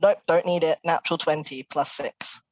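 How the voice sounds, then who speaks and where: A woman's voice: deep voice, steady tone, moderate pace, darkish tone, no echo, low-quality recording. A woman playing a tabletop game, easygoing and often laughing. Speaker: player.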